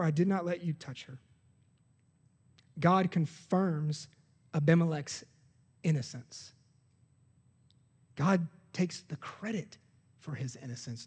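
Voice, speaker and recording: A man's voice: on the high side, a little mellow, slightly rough. A man, preaching a sermon as pastor in an earnest, conversational way with self-corrections. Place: church sanctuary. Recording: long hall reverb of a church.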